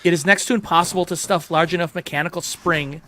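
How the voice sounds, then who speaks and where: A man's voice: a little high, steady tone, fast, bright, forceful tone, a little hiss or hum. A man who builds combat robots, joking and teasing in a casual livestream chat.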